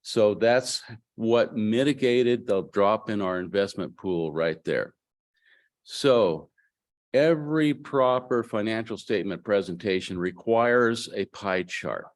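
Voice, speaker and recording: A man's voice: fairly low pitch, lively intonation, measured pace. A man presenting financial statements at a meeting in a folksy, joking way, with asides to the audience.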